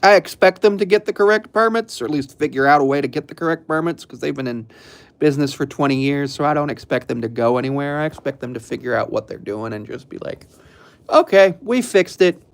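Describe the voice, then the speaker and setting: Young male streamer, casual chat, rambling and relaxed, mid-range voice, lots of filler. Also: mid-range voice, fast talker. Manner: rambling, laid-back, frequent ums and chuckles.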